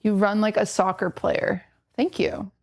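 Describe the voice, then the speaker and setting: A woman's voice: mid-range voice, level tone, a little slow, creaky, darkish tone. A woman streaming from home, chatting casually and pointing self-deprecating jokes at her chat while she moves around her kitchen.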